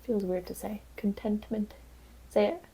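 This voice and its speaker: A woman co-hosting a podcast in casual chat over drinks, talking fast with lots of fillers and frequent laughter, recorded on an indoor podcast set. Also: mid-range voice. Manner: chatty and giggly, many "like" fillers. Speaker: podcast co-host.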